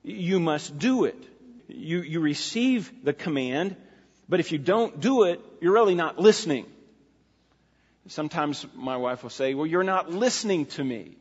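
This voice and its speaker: A man's voice: a little high, lively intonation, measured pace, husky. A middle-aged man preaching a sermon as a pastor, earnest and emphatic, asking his listeners rhetorical questions. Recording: dull lo-fi recording in a reverberant hall.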